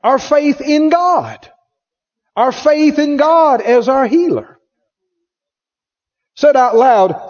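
A man's voice: very high voice, expressive, drawn-out words, pauses often. A man preaching a sermon emphatically, repeating phrases and asking the congregation questions. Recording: dull lo-fi recording in a reverberant hall.

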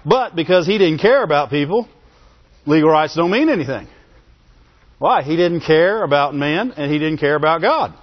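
A man's voice: a little high, lively intonation, moderate pace. A man preaching a sermon, repeating phrases for emphasis, chuckling between points and asking his listeners for an "Amen". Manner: asks the congregation for call-and-response "Amen?". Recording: dull lo-fi sermon recording.

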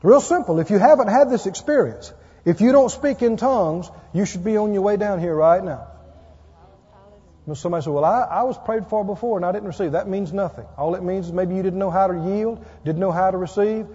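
A man's voice: sits high, fairly quick, warm tone, slightly rough. A man preaching a sermon and leading an altar call, emphatic and pleading in a repetitive preaching cadence. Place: church sanctuary. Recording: dull echoey church recording.

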